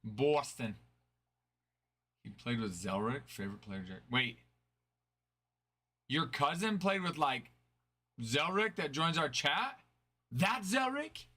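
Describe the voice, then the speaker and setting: Guy hosting a card break stream, bright voice, mid pitch, just chatting w the chat. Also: expressive, measured pace, pauses often. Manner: chatty, reads out and answers viewer chat. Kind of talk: casual live-stream chat.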